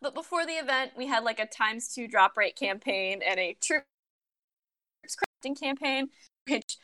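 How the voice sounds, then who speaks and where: A young woman co-hosting a casual chat, telling stories in an animated, exasperated way and swearing freely. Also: high-pitched, unhurried. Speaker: podcast co-host. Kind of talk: casual chat among friends about a mobile game.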